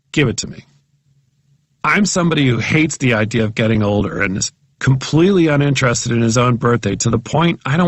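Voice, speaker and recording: A man narrates comic essays for an audiobook with a wry, self-mocking, chatty delivery. His voice sits at an ordinary middle pitch. The recording is close and dry, with no room sound. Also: fairly bright tone, no room sound.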